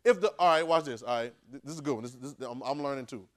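A man preaching to a class in a loose, conversational way, often asking "right?" as he goes. He drops to a low murmur and then breaks into sudden loud bursts. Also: fast talker. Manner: call-and-response, keeps asking "right?". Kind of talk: conversational sermon.

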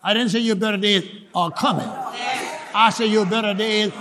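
A man preaching a sermon in church, shouting and laughing as he urges the congregation to laugh along. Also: high voice, steady tone, moderate pace. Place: church service. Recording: live in church with crowd noise.

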